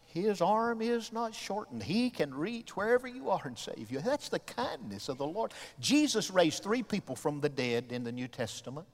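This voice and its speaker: A middle-aged man from the American South preaching a sermon as pastor, moving between soft, tender asides and loud shouted climaxes. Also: high voice, sing-song, normal speed, hardly any pauses. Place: church sanctuary. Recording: long reverb of a church sanctuary.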